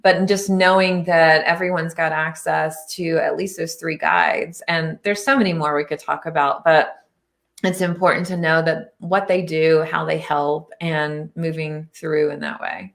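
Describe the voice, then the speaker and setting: A woman's voice: low voice, level tone, unhurried, creaky, a bit bright. A woman hosting a podcast about spirituality, talking in an enthusiastic and reassuring way in casual interview chat. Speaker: podcast host and spiritual medium.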